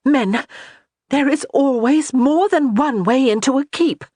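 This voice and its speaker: For an audiobook, a woman voices an exasperated young noblewoman, a strong-willed lady of a clan, in a high voice pitched above her own. The studio-quality recording has no room sound, and her unhurried delivery is sharp, raised and scolding.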